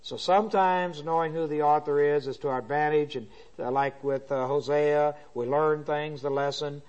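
Brief: male Bible teacher, fairly high voice, methodical lecture with repeated points, muffled dull recording. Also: steady tone, normal speed, darkish tone. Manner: repeats points, many filler uhs.

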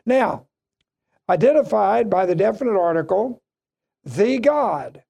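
A man preaching a verse-by-verse Bible lesson, slow and emphatic, repeating key phrases for weight. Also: sits high, lively intonation, vocal fry, mellow.

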